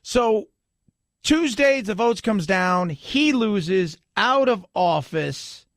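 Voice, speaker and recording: A man hosting a talk radio show, sarcastic and animated, acting out the people he talks about in funny voices. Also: sits high, takes it slowly, no room sound, studio quality. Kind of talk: talk radio commentary with live ad read.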